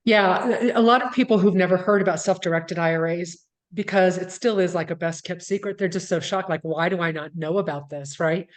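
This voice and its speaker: A woman's voice: fairly low pitch, a little fast, hardly any pauses. A middle-aged woman, the guest founder, answering interview questions in an easygoing, explanatory way over a video call.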